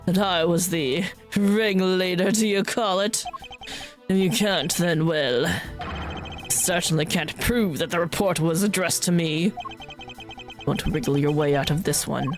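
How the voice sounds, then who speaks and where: A woman voicing a smug, scheming older man who mocks and taunts in a theatrical way. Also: fairly low pitch. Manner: oily, mocking, theatrical. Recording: stream with game music behind.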